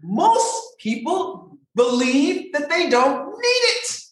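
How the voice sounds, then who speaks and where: A woman voice coach talks with expressive, emphatic energy, her pitch swooping all over. Her voice rings in a very echoey room. She keeps her delivery animated and conversational. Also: takes it slowly.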